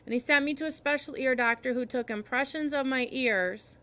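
A woman's voice: sits high, brisk, bright, forceful tone. A woman teacher reading a novel aloud to her class and stopping to explain parts to the listeners.

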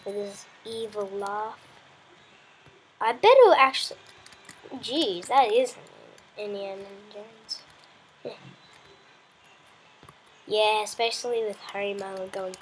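A woman's voice: medium pitch, slow, long pauses, breathy edge. A woman giving casual, rambling gameplay commentary as the host of her own let's play, chatting playfully and talking to the animals in her game.

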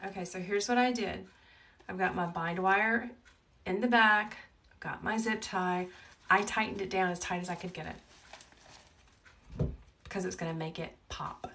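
A woman with a Southern US accent hosting a live wreath-making tutorial, chatty and talkative, with a calm, soothing voice. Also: mid-range voice, measured pace, gravelly, pauses often. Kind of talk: live crafting tutorial chat. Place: home wreath workshop. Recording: a bit distant from the mic, faint background noise.

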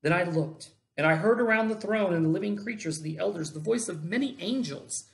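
Pastor, gravelly voice, sermon, expressive scripture reading, mid pitch. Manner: reads scripture with dramatic pitch swings and slowed phrases.

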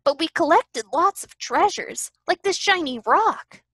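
Timid little storybook piglet, soft and sweet, voiced by a woman. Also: high-pitched, very animated, measured pace, breathy edge, no room sound, clean studio sound, heavily acted. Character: timid small male piglet.

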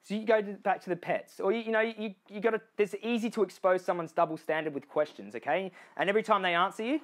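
An Australian man gives a fast motivational speech to a crowd in a high-pitched voice. Speaking directly to his audience, he frequently checks in with "okay?" and "you know", and he acts out what others said using changed voices.

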